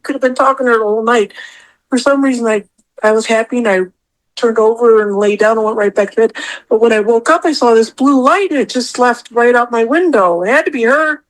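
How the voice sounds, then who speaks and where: In a casual talk, this woman guest on a podcast tells a personal story, rambling, emotional, repeating herself, and sometimes near tears. She speaks fast in a voice on the high side, and the recording is rough.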